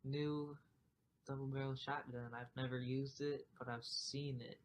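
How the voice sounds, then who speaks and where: A man's voice: mid-range voice, little pitch movement, measured pace, slight background noise. A young man co-hosting a casual podcast, laid-back and laughing often between short replies. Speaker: podcast co-host. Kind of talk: casual chat.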